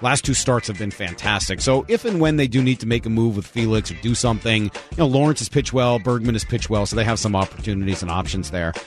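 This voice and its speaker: A man's voice: lowish voice, quick pace, hardly any pauses, soft background music. A man co-hosting a sports radio show, chatting casually and self-deprecatingly about baseball news.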